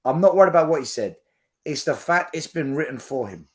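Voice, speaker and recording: A man's voice: fairly high pitch, animated, fairly quick, over a noisy crowd. A man hosting a casual podcast chat, blunt and emphatic as he gives his opinions. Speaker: podcast host.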